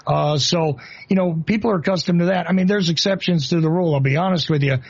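A man's voice: fairly high pitch, fast, breathy edge, dull audio. A man from New Jersey with a New Jersey accent, hosting an interview in a rambling, casual way full of fillers and restarts. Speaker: host.

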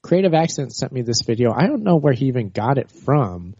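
A co-host chatting casually and explaining things in an easygoing way. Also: male voice, medium pitch, sing-song, a little fast, mellow, breathy edge, no room sound. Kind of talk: casual chat. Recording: dull lo-fi audio.

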